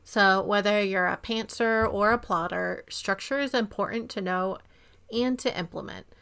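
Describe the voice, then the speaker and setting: A woman's voice: medium pitch, normal speed, gravelly, a bit bright, clear, resonant tone. A woman co-hosting a chat show about writing, enthusiastic and affirming. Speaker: podcast co-host, book editor. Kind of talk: casual chat.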